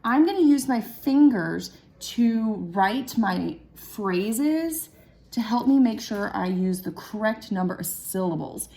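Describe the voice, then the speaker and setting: A young woman teacher giving a recorded lesson to second graders, patient and slow, sounding out words syllable by syllable. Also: fairly high pitch, animated, warm tone.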